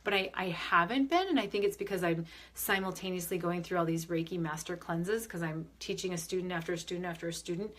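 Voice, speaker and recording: A woman's voice: fairly low pitch, fast, hardly any pauses, fairly bright tone. Young adult woman, spiritual medium, upbeat and chatty, answering viewer comments on a live stream, loose and rambling. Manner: chatty, upbeat, many fillers and restarts; reads viewer comments aloud and answers them. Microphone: phone or webcam on a live video stream.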